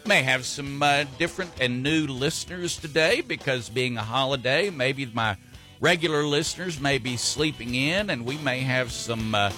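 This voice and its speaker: A man's voice: medium pitch, moderate pace, pushed and bright, soft background music. A man hosting a radio talk show, chatting in a folksy, rambling way with frequent fillers and restarts. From Texas.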